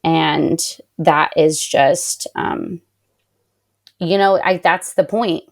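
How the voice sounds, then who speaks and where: A young woman, a podcast guest and patient advocate, telling a personal story with feeling, lots of "like", and lively quoted voices. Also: low voice, very slow, vocal fry. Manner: animated, heavy use of "like", quotes others in raised voice.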